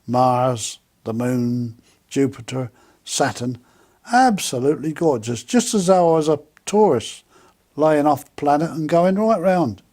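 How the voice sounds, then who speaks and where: A man's voice: a little high, a little slow, darkish tone. A man, animatedly telling a personal story and acting out the voices of people he quotes. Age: 80s. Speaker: interviewee.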